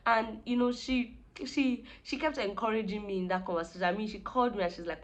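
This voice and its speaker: A woman's voice: fairly high pitch, fairly quick, hardly any pauses. A young woman talking to camera in a casual, reflective vlog, earnest and heartfelt. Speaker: vlogger.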